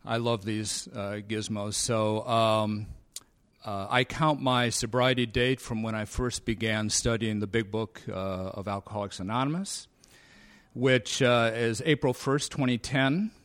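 Man, 50s, convention talk; low voice, hesitant, bone-dry wit. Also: fairly bright tone, no echo. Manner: halting, frequent fillers, dry sarcastic humor. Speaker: speaker sharing recovery story. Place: convention meeting room.

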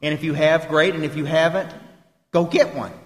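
A man's voice: on the high side, steady tone, normal speed. A man giving an emphatic, folksy talk to a recovery meeting. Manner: folksy, emphatic, quotes people in voices. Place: meeting room. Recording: echoey hall, live talk recording.

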